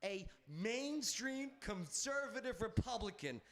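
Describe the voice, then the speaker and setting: A man's voice: sits high, big pitch swings, slow, fairly bright tone. A man hosting a political panel discussion, talking emphatically and repeating his points. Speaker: talk show host.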